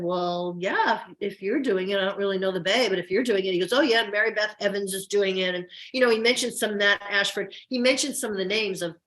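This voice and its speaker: Chatting casually in an interview, an older soap actress gushes through her stories, often restarting as she goes. Her voice is mid-range with a fairly bright tone, heard with a roomy echo.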